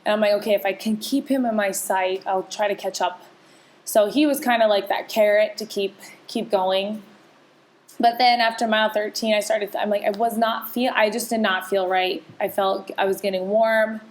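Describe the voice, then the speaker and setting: A woman's voice: medium pitch, fairly even intonation, moderate pace. A woman co-hosting a podcast, talking candidly and emotionally in casual chat with many restarts. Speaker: podcast co-host.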